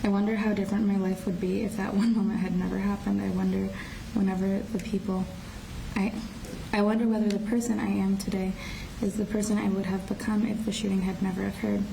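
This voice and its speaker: Teen girl reading a court statement, mellow vocal fry, halting restarts, heard from a distant mic with faint hiss. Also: mid-range voice, flat delivery. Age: teens. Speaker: shooting survivor giving a victim impact statement. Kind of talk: reading a prepared statement aloud.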